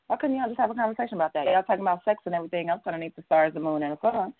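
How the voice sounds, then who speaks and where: A woman's voice: medium pitch, lively intonation, racing, hardly any pauses, no echo. Blunt, emphatic woman on a tinny line. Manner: blunt, emphatic, frank about sex. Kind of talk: casual chat. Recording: tinny phone-like sound.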